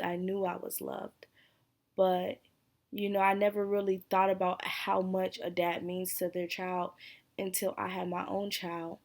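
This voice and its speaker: A young adult woman speaks straight to her viewers in a personal vlog, candid and hesitant, stopping now and then to sigh. Her pitch stays level and even, with little rise or fall. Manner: emotional, candid, sighs and hesitates. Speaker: vlogger. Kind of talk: personal vlog talking to camera.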